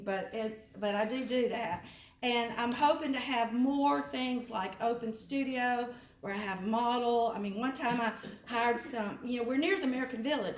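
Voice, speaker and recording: A woman's voice: on the high side, moderate pace. A woman making a chatty, rambling announcement to a meeting, often laughing. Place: meeting room of an art association. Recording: roomy meeting hall.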